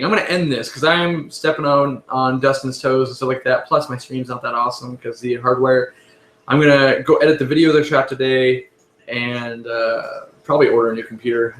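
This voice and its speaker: A man hosting a casual live stream, answering viewer questions in a relaxed, rambling way and often correcting himself. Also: medium pitch, roomy sound, a little hiss or hum.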